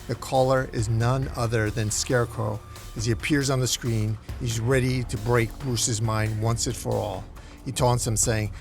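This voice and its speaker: A man's voice: mid-range voice, steady tone, moderate pace, gravelly, soft background music. A man hosting a comic recap, telling the story in a dramatic way. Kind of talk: comic book recap narration.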